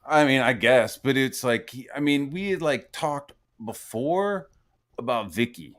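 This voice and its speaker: A man's voice: medium pitch, expressive, measured pace, a bit bright. A man in his forties hosting a podcast, telling a long rambling story full of swearing and "like" fillers, acting out what others said. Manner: profane, rambling, heavy on "like" fillers, acts out quotes. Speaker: podcast host. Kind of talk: casual chat, storytelling.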